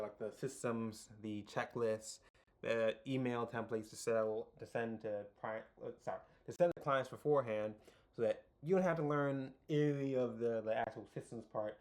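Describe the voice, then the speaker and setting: A young man hosting a casual video tutorial, rambling with lots of fillers and restarts, and making self-deprecating jokes. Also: mid-range voice. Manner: self-deprecating, jokey asides.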